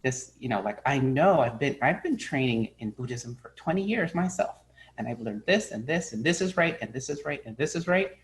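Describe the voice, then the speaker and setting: A man's voice: medium pitch, animated, measured pace, lightly acted, rough recording. A man voicing a proud, flustered young male monk who whines in exasperation. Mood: indignant. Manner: whiny, exasperated, overwrought.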